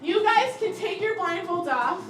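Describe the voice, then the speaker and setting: A woman with a very high voice hosts a lively stage game at a church youth service, coaxing the players and calling out to the crowd. She sounds distant in a roomy hall. Loud music and a cheering crowd fill the background. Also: measured pace. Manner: upbeat, coaxing, addresses the audience.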